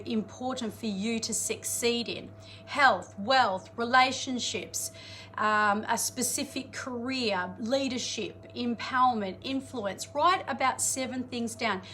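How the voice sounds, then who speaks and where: Energetic, chatty female life coach. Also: fairly high pitch, slight background noise. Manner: chatty and energetic, greets viewers, laughs often, uses slang like "you suck". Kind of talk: live-streamed motivational talk.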